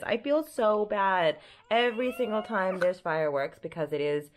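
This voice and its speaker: A woman's voice: medium pitch, expressive, normal speed, slight background noise. Chatty young woman vlogging from home. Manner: chatty, upbeat, rambling. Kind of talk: casual vlog chat to camera. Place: at home in an apartment.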